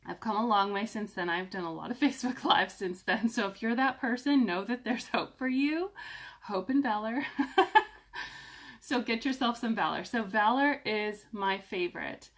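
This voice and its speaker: A woman talking casually to camera in a vlog, chatty and upbeat, with filler ums and lively swings in pitch. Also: normal speed. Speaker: essential oils vlogger.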